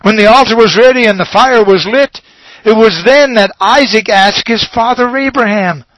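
A man preaching a sermon, slow and emphatic, leaning on dramatic pauses and repeated words. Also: sits high, a bit bright, dry recording, poor audio.

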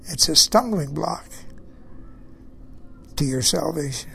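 A man's voice: fairly high pitch, expressive, takes it slowly, vocal fry, fairly bright tone, a little hiss or hum. A man preaching a sermon, emphatic, repeating key phrases and putting questions to his listeners.

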